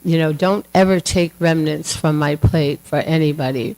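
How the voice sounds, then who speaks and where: A woman's voice: low voice, normal speed, mellow, rough recording. A woman voicing a devoted goddess wife who speaks earnestly and fretfully.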